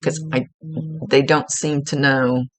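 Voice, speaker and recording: A woman's voice: a bass voice, little pitch movement, takes it slowly, no echo, soft background music. A woman working as a psychic medium, giving an informal, rambling one-on-one reading from her chair at home. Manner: informal, rambling, with many fillers and restarts. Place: at home, seated.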